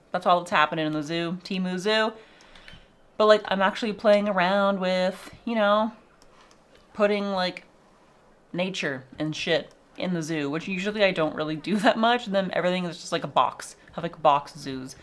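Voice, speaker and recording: A young woman casually chatting and swearing as she shows off her zoo game, laughing often. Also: on the low side. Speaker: vlogger showing a zoo game. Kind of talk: casual gameplay chat.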